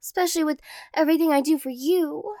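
A woman's voice: high voice, fast, warm tone, no room sound. A young woman voicing a playful, clingy girlfriend in a role-play audio, teasing and playfully dramatic, close to the mic.

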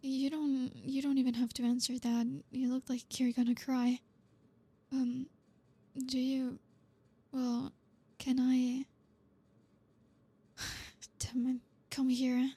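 A woman voicing a blunt, reserved young woman who is gruff but caring, talking to the listener in an audio role-play in a halting, awkward way. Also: high voice, flat delivery, mellow, full character voice. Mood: awkward, tender. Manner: halting, awkward, stumbling over words.

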